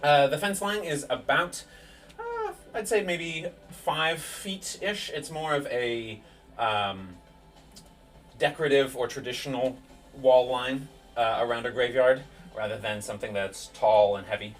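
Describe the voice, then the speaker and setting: A man at a middle pitch runs a tabletop game as game master, calling rolls and painting each sword swing in vivid detail. He sits back from a distant mic. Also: expressive, measured pace, soft background music. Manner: vivid play-by-play of rolls and attacks.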